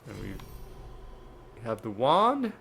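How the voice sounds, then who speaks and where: A man's voice: mid-range voice, huge pitch swings, takes it slowly, vocal fry, pushed and bright, slight background noise. A man playing a video game and chatting casually about it, often laughing and restarting words. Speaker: gaming channel host.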